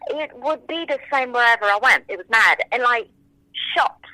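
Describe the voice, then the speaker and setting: A woman in her forties whose first language is French, telling stories as an interview guest in an animated, enthusiastic way, often acting out what people said. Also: on the high side, fairly quick, dry recording, rough recording. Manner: animated, enthusiastic, acts out quotes. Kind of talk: casual interview storytelling.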